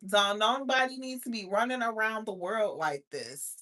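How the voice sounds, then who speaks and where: A woman's voice: on the high side, normal speed, pushed and bright. A woman hosting a live stream in casual chat, talking bluntly and profanely to her viewers. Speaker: livestream host.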